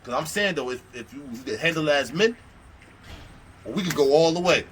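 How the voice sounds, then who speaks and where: A man from Buffalo, New York telling a story casually, in an animated and profane way as he acts out what people said. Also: a little high, a little fast, a little hiss or hum. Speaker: vlogger telling a prison story.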